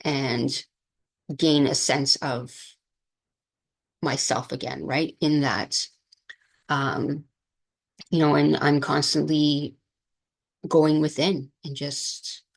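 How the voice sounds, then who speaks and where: A woman hosts her own podcast and tells a personal story in a candid, rambling way, full of fillers. Her voice sits low and has a gravelly fry, and she is emotional as she speaks. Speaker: podcast host and minister.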